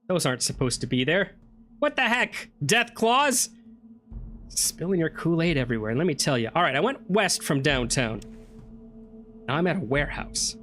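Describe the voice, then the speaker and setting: A man talking his way through a first playthrough of a game, chatty and full of self-questions. His voice is fairly high for a man and moves up and down a lot. Faint music plays underneath. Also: big pitch swings, unhurried, pauses often, fairly bright tone. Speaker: gameplay streamer. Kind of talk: let's play commentary.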